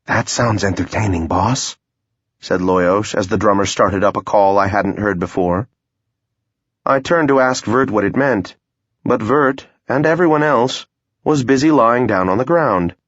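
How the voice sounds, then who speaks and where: A man's voice: lowish voice, a little slow, a bit bright, no room sound. A man narrating a first-person fantasy audiobook in a wry, understated way, recorded with a dull, dry sound.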